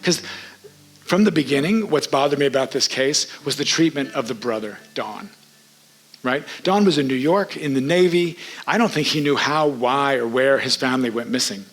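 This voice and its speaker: Man, live stage storytelling, animated, conversational, medium-pitched voice. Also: moderate pace, rough recording. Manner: animated, conversational, quotes people in his story. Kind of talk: first-person stage storytelling. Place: theater stage.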